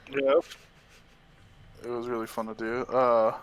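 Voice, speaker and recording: A man's voice: medium pitch, level tone, unhurried, clean tone, muffled recording. A man co-hosting a casual podcast, laid-back and slangy. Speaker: podcast co-host.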